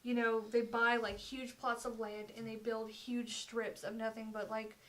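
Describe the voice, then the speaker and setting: A young woman co-hosting a podcast, telling a story in a casual, animated way, swearing freely and acting out what people said. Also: a little high, normal speed. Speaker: podcast co-host.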